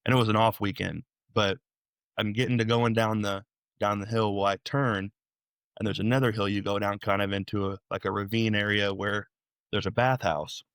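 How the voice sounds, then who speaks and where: Low-voiced man telling a tale. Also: moderate pace, smooth, dry recording, studio quality. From Illinois, USA. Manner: animated, rambling retelling with many restarts. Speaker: podcast guest. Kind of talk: storytelling interview.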